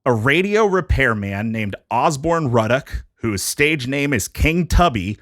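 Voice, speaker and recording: Man host, bright tone, dry close sound, casual jokey read of history notes. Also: medium pitch, big pitch swings, measured pace, no room sound. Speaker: podcast host presenting a history topic. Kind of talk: casual podcast chat, reading prepared notes.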